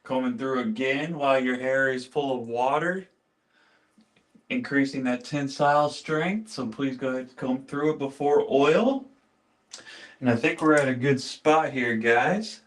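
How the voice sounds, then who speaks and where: A man's voice: mid-range voice, a little slow. A man hosting a casual livestream, chatting with viewers while demonstrating his beard care routine, greeting people by name and repeating his phrases. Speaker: livestream host.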